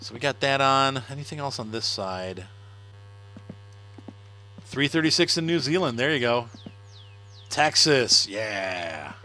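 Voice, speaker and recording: Lively chatty man streaming a game. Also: medium pitch, takes it slowly, long pauses. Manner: chatty, laughs often, answers viewer comments. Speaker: gaming livestreamer. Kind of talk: casual live-stream chat while playing.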